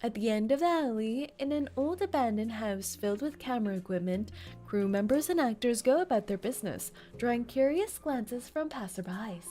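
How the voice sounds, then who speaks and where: A woman streamer reading a game's story aloud and reacting with excitable commentary. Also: on the high side, normal speed, soft background music. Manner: excitable, reads story text aloud, bursts into loud reactions. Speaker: streamer playing a game.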